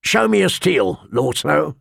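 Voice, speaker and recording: A man voicing a cruel, mocking master-at-arms with a sharp, cold voice in an audiobook. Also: a little high, big pitch swings, a little slow, vocal fry, dry recording, studio quality, exaggerated voice. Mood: sneering. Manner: taunting, sneering. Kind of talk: audiobook character voice.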